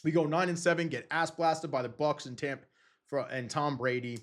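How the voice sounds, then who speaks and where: Young adult male host, a touch higher than average, casual and profane sports chat. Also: fairly quick. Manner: excitable, rambling, swears freely. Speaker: podcast host.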